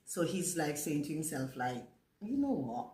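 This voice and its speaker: A woman's voice: deep voice, big pitch swings, moderate pace, dark tone. A woman in her forties with a Jamaican accent tinged with British, telling a rambling storytime monologue and mixing patois into her English. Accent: Jamaican, mixed with British. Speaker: vlogger. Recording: roomy echo.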